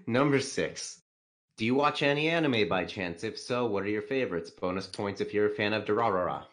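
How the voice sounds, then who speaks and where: A man's voice: on the low side, animated, moderate pace. A man hosting a casual podcast, reading out numbered questions in a teasing manner and swearing freely. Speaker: podcast host.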